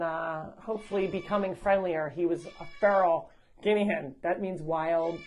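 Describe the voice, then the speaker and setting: A woman's voice: fairly low pitch, a little mellow. A woman hosting a live sanctuary tour, chatting and laughing as she walks among the animals, coaxing and scolding them. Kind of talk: casual live tour narration. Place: walking around a farm sanctuary, indoors and outdoors. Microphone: wearing a microphone.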